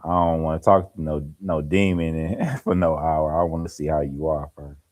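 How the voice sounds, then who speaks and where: A very deep, darkish, steady male voice speaks at normal speed in a casual live-stream chat. The laid-back speaker tells stories and laughs as he goes, with an African American Vernacular English accent placing him in the American Midwest or East Coast.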